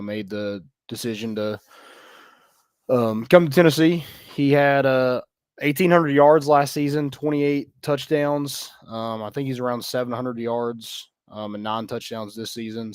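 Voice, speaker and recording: A man co-hosting a sports podcast, running through recruiting news in an easygoing way. He fills gaps with ums and you-knows at a middle pitch. The sound is dry and close. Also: smooth, dry recording. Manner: relaxed, filler-heavy news rundown. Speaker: podcast co-host. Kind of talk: casual sports chat.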